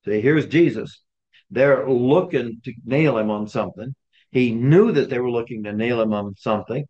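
This man speaks at medium pitch and a moderate pace, his tone on the dark side. He's a Bible study leader guiding a small group through scripture in a chatty teaching style, posing questions and performing the quoted lines, captured on a dull lo-fi recording.

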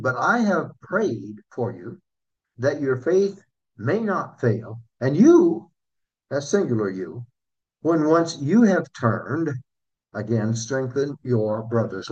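Husky-voiced preacher man, muffled recording. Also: medium pitch, animated, a little mellow. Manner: earnest, asks the congregation questions, slows for scripture. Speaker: pastor. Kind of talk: sermon.

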